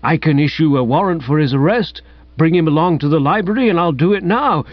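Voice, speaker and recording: A man's voice: a little high, animated, brisk, no echo, voice pushed up, natural voice. Man doing a blustering old magistrate. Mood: pompous. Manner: blustering, querulous. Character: fussy older man, pompous magistrate, indignant. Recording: dull, dry, lo-fi sound.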